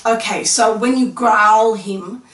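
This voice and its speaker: A woman's voice: mid-range voice, takes it slowly, fairly bright tone. A woman interviewer who asks leading questions and affirms each answer, recorded in a casual interview. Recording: echoey room, mic at a distance.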